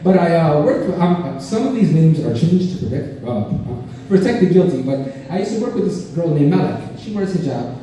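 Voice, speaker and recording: A man's voice: on the high side, expressive, normal speed, warm tone, recorded from a distance, a little hiss or hum. A man doing a rambling, self-mocking stand-up routine, heard from afar in an echoey club. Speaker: stand-up comedian.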